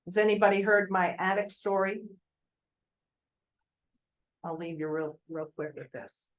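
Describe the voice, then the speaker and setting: A woman's voice: mid-range voice, a little slow, low-quality recording. An older woman, a veteran real estate agent, talks informally to a group of colleagues, telling chatty stories and asking the audience questions.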